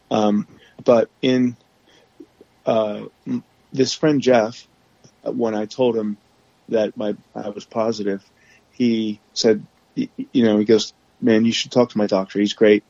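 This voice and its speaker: A podcast guest, a man with a low voice and a gravelly, fry-edged texture. He talks candidly, stopping and restarting his sentences often. The audio is dull and dry, like a remote call. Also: darkish tone, no room sound. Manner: halting, with frequent restarts and fillers. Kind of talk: candid conversational storytelling.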